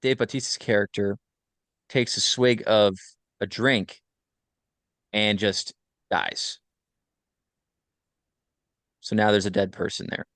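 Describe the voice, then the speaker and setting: A man casually recapping a film plot on a podcast, rambling with many fillers and quick self-corrections. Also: on the low side, fairly bright tone, no echo. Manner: rambling, filler-heavy retelling. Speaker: podcast host.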